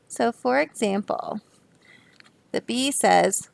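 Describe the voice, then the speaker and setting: A young woman reads a children's picture book aloud, breaking off for chatty, easygoing explanations. Her voice carries a gravelly fry, and she speaks slowly and patiently. The recording is close and dry. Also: mid-range voice, no room sound. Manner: explaining, chatty asides, soft laughs. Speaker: storybook reader.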